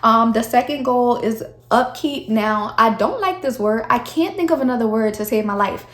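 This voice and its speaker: A young woman vlogs from a chilly room at home, speaking candidly to the camera, her voice a little shaky from the cold. Her voice is a little high and her pace moderate, and she chats casually, calling viewers "y'all," in an echoey room.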